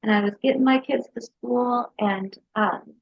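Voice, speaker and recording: A woman therapist telling a personal story in an interview, in a lively storyteller's manner. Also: on the high side, a little slow, vocal fry. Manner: lively storyteller who acts out her kids' voices. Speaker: hypnotherapist and mental health counselor. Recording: dull lo-fi sound.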